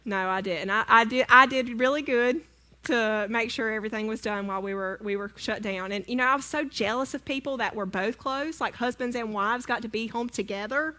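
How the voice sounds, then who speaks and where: A woman's voice: on the high side, a little fast, sharp tone. A woman, speaking to a church congregation, telling a humorous personal story in a chatty, self-deprecating way and asking the audience questions. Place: church sanctuary.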